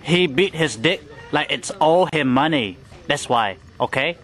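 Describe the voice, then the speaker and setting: A man's voice: fairly high pitch, expressive, a little slow, fairly bright tone. A man putting on a comic broken-English voice, scolding and warning a child.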